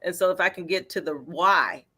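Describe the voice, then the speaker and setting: A woman, a featured artist, answering interview questions in a lively, encouraging way with everyday examples. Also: fairly low pitch, moderate pace, husky.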